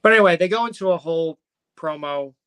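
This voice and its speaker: A man's voice: a little high, fast talker, a bit bright, smooth. A man co-hosting a casual wrestling recap, rambling and joking and correcting himself as he goes. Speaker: podcast co-host.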